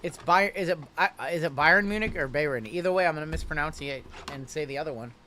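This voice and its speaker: A man's voice: a little high, fast, pushed and bright, a little hiss or hum. A man hosting a live card break stream, rattling off names and teams in a loose, chatty way with plenty of fillers.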